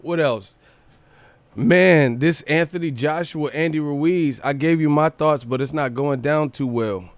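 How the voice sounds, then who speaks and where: A man's voice: fairly high pitch, measured pace, no echo. A young man with a Sacramento accent hosting a live boxing stream, chatting loosely and joking with his chat in slang. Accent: Northern California, Sacramento. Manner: loose and joking, reads chat aloud, laughs often, slangy.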